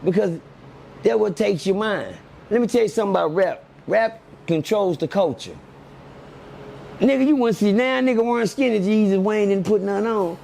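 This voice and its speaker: A middle-aged man, telling stories in an animated, preachy way and repeating lines for emphasis. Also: sits high, moderate pace, creaky, a little hiss or hum. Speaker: podcast guest. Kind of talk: casual storytelling chat.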